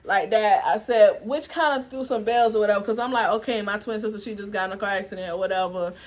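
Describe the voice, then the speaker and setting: A young adult woman telling a dramatic personal story to her viewers in a lively, animated way. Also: mid-range voice, fast. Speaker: vlogger. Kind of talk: storytime vlog.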